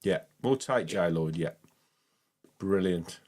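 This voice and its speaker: A man with a Black Country accent runs a fan phone-in, chatty and keen. His voice sits low and relaxed. He talks to callers like old friends. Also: slow pace. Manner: chatty and enthusiastic, says mate a lot. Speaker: host of a fan phone-in show. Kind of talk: casual phone-in chat.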